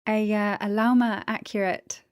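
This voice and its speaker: A woman's voice: mid-range voice, level tone, normal speed, smooth, no echo, studio quality. A woman chatting casually on a livestream, greeting viewers, giggling, tired after the gym. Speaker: streamer.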